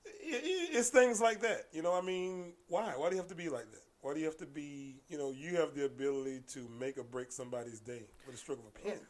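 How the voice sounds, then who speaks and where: A man telling stories in a casual podcast conversation, animated and acting out the exchanges he recounts, with frequent restarts. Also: a little high, quick pace, hardly any pauses. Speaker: podcast guest, martial arts coach.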